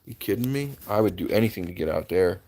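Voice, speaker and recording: New guy, kinda low voice, rambling live chat with viewers, laughs a lot. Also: lively intonation, quick pace, mellow. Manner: chatty, laughs often, greets viewers by name. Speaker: livestream host. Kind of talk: casual live-stream chat.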